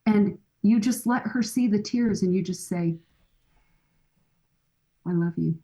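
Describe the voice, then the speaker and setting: A woman's voice: mid-range voice, moderate pace, warm tone, rough recording. A middle-aged woman speaking as a guest expert in a podcast conversation, earnest and coaching, often acting out bits of dialogue.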